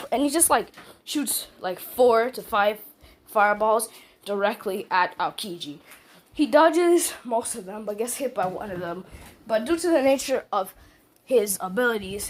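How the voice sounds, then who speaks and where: A woman improvising a fan-fiction action story, narrating loosely with fillers, false starts and restarts. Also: fairly high pitch.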